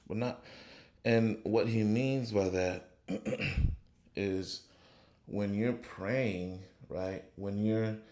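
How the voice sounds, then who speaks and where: A man with a lowish, slightly mellow voice gives a casual motivational talk on faith in an echoey room. He punctuates nearly every phrase with "right?", starting unhurried and reflective and growing fervent when he preaches.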